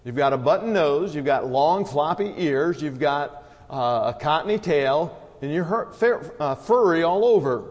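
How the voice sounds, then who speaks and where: An elderly blind rattlesnake in a told joke, as a preacher puts him on. The voice sits a little high and folksy. A long reverb of a large hall trails behind it. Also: male voice, animated, unhurried, a little mellow. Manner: folksy joke-telling delivery.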